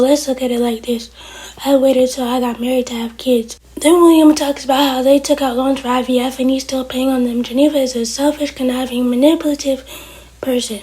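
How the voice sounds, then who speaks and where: A woman's voice: high voice, dark tone. A woman reviewing a TV episode in a casual recap, retelling each scene by quoting the characters.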